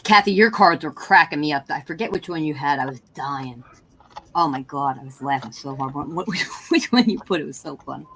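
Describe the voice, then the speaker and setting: A woman's voice: deep voice, animated, fairly quick, a bit bright, slight background noise, rough recording. A woman on a video call, telling a funny family story with lots of laughter. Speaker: participant in a friends' video chat. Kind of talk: casual chat.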